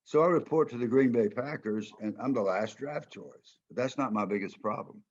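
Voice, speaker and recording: A man's voice: mid-range voice, normal speed, lo-fi sound. An older man with a Southern American accent, from Georgia, telling stories in a folksy, emphatic way as a guest speaker. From Georgia, United States. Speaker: former football player and coach, guest speaker. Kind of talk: storytelling talk.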